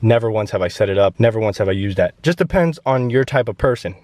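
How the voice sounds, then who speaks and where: A man's voice: fairly low pitch, fast talker, no room sound. Chatty young man reviewing his truck. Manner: chatty and joking, lively ups and downs. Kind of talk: casual walkaround review. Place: inside and around a pickup truck.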